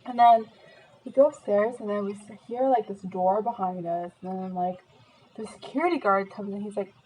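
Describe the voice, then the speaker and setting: A woman's voice: medium pitch, moderate pace, dark tone, a little hiss or hum, low-quality recording. A young American woman chatting casually as she eats, telling a story with lots of fillers. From United States. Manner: chatty storytelling, many fillers, eating between lines. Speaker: vlogger. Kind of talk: casual chat while eating.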